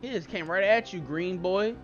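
A man's voice: sits high, normal speed, dull audio, faint music behind. A young man commentating his own game play, trash-talking the characters with constant swearing. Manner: profane trash talk at the game. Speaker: gaming YouTuber.

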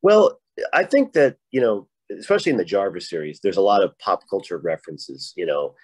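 A man's voice: low voice, lively intonation, brisk, a little mellow, husky, no echo, rough recording. A man from Rhode Island with a Rhode Island accent, a guest author talking casually and rambling with many restarts. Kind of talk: casual panel chat.

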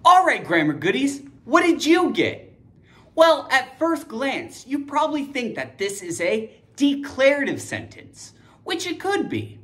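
Upbeat young woman grammar teacher; very lively pitch, slow deliberate pace. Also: soft background music. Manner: upbeat, emphatic, cheerleading students. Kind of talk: online grammar lesson.

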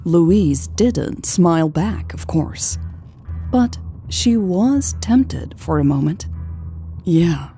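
A woman narrating a romance audiobook in a measured, calm reading. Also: fairly low pitch, faint music behind. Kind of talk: scripted narration.

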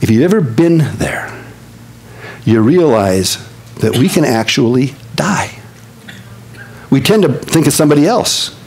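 An older man preaching a sermon as pastor, telling stories with lively swings from excited high tones to low hushed earnestness. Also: unhurried, pauses often, slightly rough, low-quality recording.

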